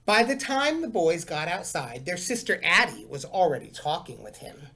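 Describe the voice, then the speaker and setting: A male teacher chatting to his class and reading a picture book aloud, animated and chatty. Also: on the high side, moderate pace, gravelly.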